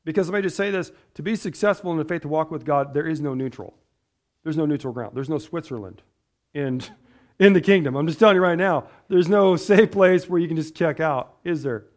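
Guy preaching a sermon, kinda high voice, keeps asking "right?" and pushing his point. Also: fairly quick. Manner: rhetorical questions, emphatic and repetitive. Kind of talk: sermon with scripture reading.

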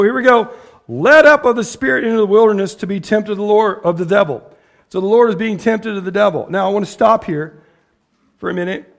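Gravelly high-voiced preacher, blunt. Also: male voice. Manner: blunt, conversational, repeats words, quotes people in voices. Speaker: pastor. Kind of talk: casual sermon.

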